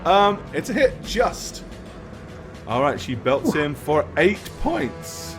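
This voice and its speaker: A man's voice: fairly high pitch, sing-song, slow pace, over music. A man running a tabletop game as game master, narrating rolls and actions with laughs.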